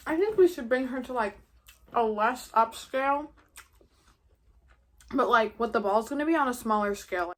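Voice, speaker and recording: Brief: brusque male teacher, excited and blunt, slangy outbursts, played by a young woman in her own voice. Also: fairly high pitch, normal speed, pauses often. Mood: planning.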